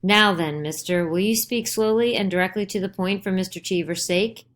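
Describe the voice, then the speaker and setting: A woman's voice: medium pitch, normal speed, voice pushed up, natural voice. A woman voicing a stern older male judge who questions urgently and insistently in a dramatized play reading. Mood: pressing.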